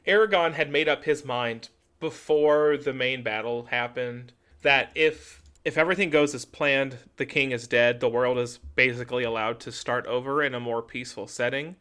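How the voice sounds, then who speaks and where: Smooth and a bit bright, this young man's medium-pitched voice moves at a moderate pace. He co-hosts a podcast, retelling a story in casual chat and acting out the characters.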